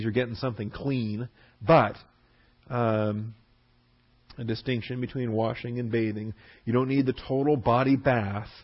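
Guy teaching bible verse by verse, mid voice, kinda dull lo-fi sound. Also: medium pitch. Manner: lively, acts out quotes with a raised voice. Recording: dull lo-fi recording.

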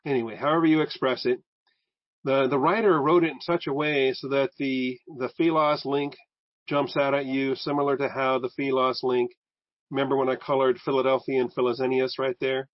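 Male Bible teacher, casual lecturing style, mid-pitched voice, dry slightly muffled sound. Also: level tone, normal speed, dry recording. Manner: conversational, restarts phrases, explains Greek terms.

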